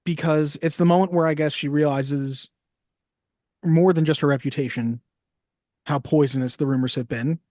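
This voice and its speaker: A man's voice: on the high side, fairly even intonation, moderate pace, pauses often, darkish tone, dry recording, clean studio sound. A man co-hosting a film podcast, chatting casually with a wry, joking manner. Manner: wry, jokey, quotes lines in little voices. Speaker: podcast co-host. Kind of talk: casual chat.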